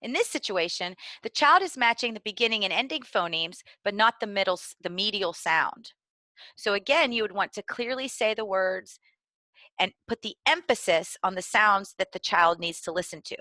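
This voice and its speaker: A woman giving clear, deliberately enunciated instructional narration for preschool teachers. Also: medium pitch, animated, sharp tone, dry recording. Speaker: early literacy trainer.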